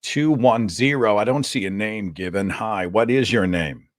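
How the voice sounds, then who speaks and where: A man hosting a call-in show, with a very low, deep voice. He talks casually and loosely, as if chatting with listeners. The sound is dry and close to the mic. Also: normal speed, no echo. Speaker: host.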